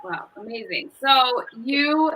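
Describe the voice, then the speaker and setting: A woman hosts a live online interview in a chatty, informal way. Her voice is high and bright, with a forward, sharp tone. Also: expressive, takes it slowly, rough recording. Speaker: interview host.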